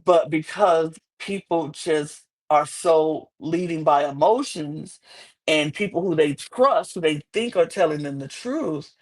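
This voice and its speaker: Young female co-host: sassy, expressive and chatty, often leaping into squeaky outbursts. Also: measured pace. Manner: animated, sassy, swings into high-pitched exclamations. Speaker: podcast co-host. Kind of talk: casual reality-TV recap chat.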